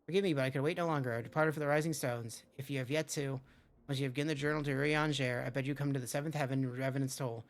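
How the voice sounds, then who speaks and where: A streamer quickly reading aloud a composed game leader's formal letter. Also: mid-range voice, fairly even intonation, lightly acted.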